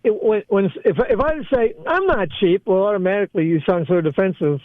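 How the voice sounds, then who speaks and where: A man's voice: high voice, animated, a little fast, no room sound, narrow, tinny audio. A former male radio co-host in casual chat, rambling and self-deprecating, laughing through his words.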